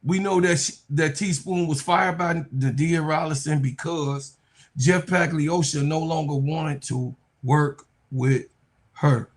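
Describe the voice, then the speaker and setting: A sports stream host reads viewer comments in a casual, unhurried chat. This man's voice sits a little high, and he sounds under the weather. He bursts into loud, animated rants. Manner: animated, loud outbursts and drawn-out joking. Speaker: sports talk show host.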